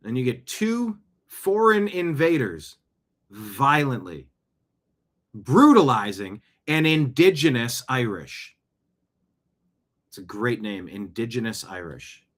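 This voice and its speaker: A man's voice: medium pitch, big pitch swings, takes it slowly, a bit bright. A man hosting his own show, giving opinionated news commentary full of indignant rhetorical questions. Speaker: show host.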